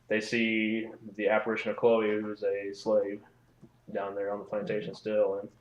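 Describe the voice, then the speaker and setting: A man's voice: fairly low pitch, completely flat delivery, moderate pace. A man hosting a casual podcast, rambling with lots of "you know" and "I mean". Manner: rambling, laughs often, many "you know"s. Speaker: podcast host. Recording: echoey room, slightly dull sound.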